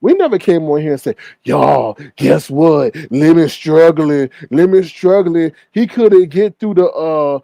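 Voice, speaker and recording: A man's voice: a little high, big pitch swings, unhurried, gravelly, few pauses, dark tone, no echo. A man hosting a livestream, chatting casually and gossiping in a sassy way while reading the chat. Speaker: livestream host.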